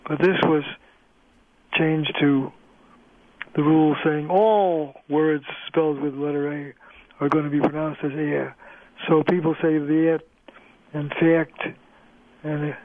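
A male linguist, a guest on a radio interview, explaining in a measured way with frequent pauses over the phone. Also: fairly high pitch, little pitch movement, no echo. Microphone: telephone. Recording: tinny phone line, dry.

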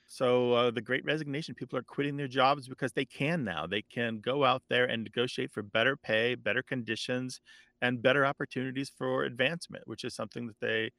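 A man explaining word origins as a guest expert, thoughtful and steady. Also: mid-range voice, a little fast, dry recording, studio quality. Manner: thoughtful, with fillers and restarts. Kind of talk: conversational explaining.

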